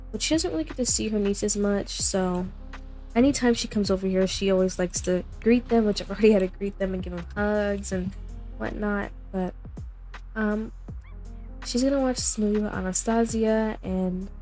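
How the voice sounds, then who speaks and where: Young woman, mellow voice, casual rambling gameplay commentary, faint music underneath. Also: medium pitch. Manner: chatty, rambling, narrates what her characters say. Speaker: gameplay host.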